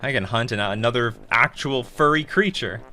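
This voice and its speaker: A man's voice: mid-range voice, normal speed, bright, forceful tone. A man with a Canadian accent, chatting casually while streaming a card game, laughing often and swearing now and then. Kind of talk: casual gameplay commentary.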